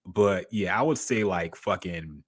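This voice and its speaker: A man's voice: low-pitched, measured pace. A man co-hosting a podcast in casual chat, laid-back and profane, trailing off with fillers. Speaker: podcast co-host.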